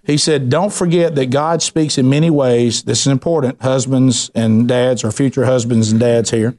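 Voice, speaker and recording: A middle-aged man preaching a sermon, telling lively personal stories and acting out the voices in them. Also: mid-range voice, normal speed. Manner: animated storyteller, acts out voices, ranting bursts.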